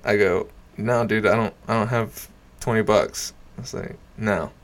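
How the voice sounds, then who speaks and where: Profane young man telling a bar story. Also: measured pace. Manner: profane, laughing often, trailing off into low mutters. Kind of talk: casual storytelling.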